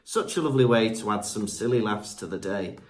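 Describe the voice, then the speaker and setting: A podcast co-host on a remote mic reads listener reviews aloud, chatty and full of fillers, tripping over names. His voice is lowish, expressive and brisk.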